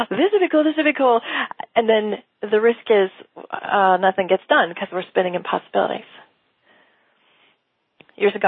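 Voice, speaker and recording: A woman business coach teaching in a casual, animated way, often acting out quoted dialogue and laughing. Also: mid-range voice, husky, no echo. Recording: tinny phone-like sound.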